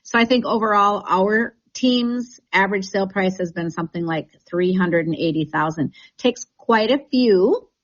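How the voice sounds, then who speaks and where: A woman's voice: mid-range voice, normal speed, few pauses, highs cut off. A woman who leads a real estate team, talking in a chatty, enthusiastic way with many restarts in a radio interview.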